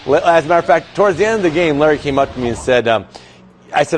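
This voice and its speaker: A man's voice: a little high, expressive, very fast, a little hiss or hum. A former player narrating over old footage of his own big game, matter-of-fact.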